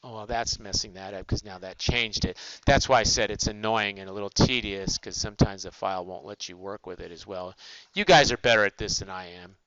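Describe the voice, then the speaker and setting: A man's voice: fairly low pitch, steady tone, a little fast, fairly bright tone, no echo, muffled recording. An older male accounting professor giving a casual recorded lecture, asking questions and answering them himself. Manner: conversational, asks and answers his own questions.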